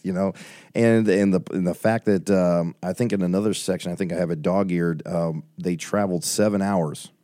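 A man's voice: low voice, fairly even intonation, moderate pace, mellow, no room sound, clean studio sound. A man hosting a casual interview, talking conversationally about the book he is reading. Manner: conversational, many fillers. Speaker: interview host.

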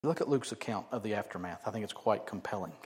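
A man preaching a sermon, acting out quotes loudly and then dropping to quiet asides. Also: on the low side, fast talker. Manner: animated, swings from loud acted-out quotes to quiet asides. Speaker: pastor.

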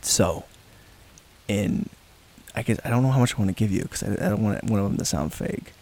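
Young male podcast host, gravelly, casual rambling chat with frequent laughter. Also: fairly low pitch, a little fast, a little mellow. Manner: laughs often, rambling with restarts.

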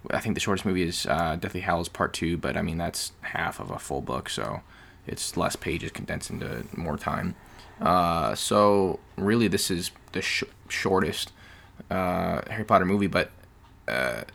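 A man with a very low, gravelly voice hosts a casual podcast chat. He explains things in long, rambling turns and slips in jokes as he goes. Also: fairly bright tone. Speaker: podcast host.

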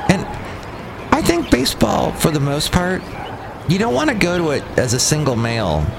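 A man's voice: a little high, huge pitch swings, moderate pace, vocal fry, background noise. A man hosting a solo podcast outdoors near a cafe, rambling sarcastically and restarting his sentences often. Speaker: podcast host. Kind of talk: casual solo podcast monologue.

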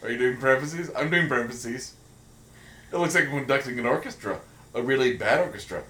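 A man's voice: mid-range voice, brisk, roomy sound. A man co-hosting a podcast in casual chat, joking and rambling with lots of energy. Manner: jokey, rambling, animated. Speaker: podcast co-host.

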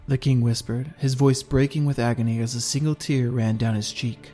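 A man narrating a first-person audiobook in a steady, measured reading. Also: mid-range voice, soft background music.

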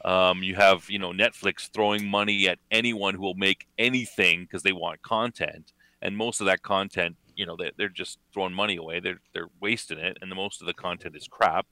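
Deep bright-voiced Canadian man. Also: steady tone, brisk, dry recording. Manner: joking, rambling with fillers. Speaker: co-host. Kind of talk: casual podcast chat.

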